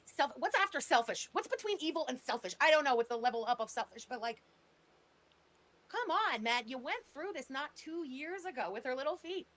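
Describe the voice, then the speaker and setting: A woman's voice: sits high, expressive, fairly quick, fairly bright tone. Sarcastic scolding woman commentator. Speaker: stream commentator. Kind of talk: reaction commentary.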